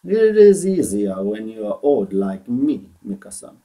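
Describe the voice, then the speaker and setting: A man voicing a patient old Japanese man in a storybook reading, speaking slow, halting broken English with a put-on Japanese accent. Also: lowish voice, sing-song, warm tone. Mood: calm.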